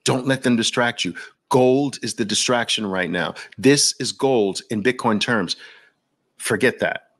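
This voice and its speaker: A man's voice: medium pitch, unhurried, fairly bright tone. Fired-up New man teaching a masterclass. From Brooklyn, New York. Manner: emphatic, with repeated punchy lines and rhetorical questions. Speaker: trading educator. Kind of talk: persuasive masterclass talk.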